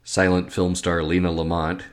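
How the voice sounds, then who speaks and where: A man's voice: sits low, completely flat delivery, normal speed. A man co-hosting a casual film podcast, talking with frequent hesitations and restarts. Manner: hesitant, many restarts and fillers. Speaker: podcast co-host.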